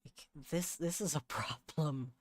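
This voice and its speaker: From a home setup, a man streams live and chats while he works, frequently muttering and starting his sentences over out of exasperation. He speaks a little slowly in a higher voice, with clean studio sound and no echo.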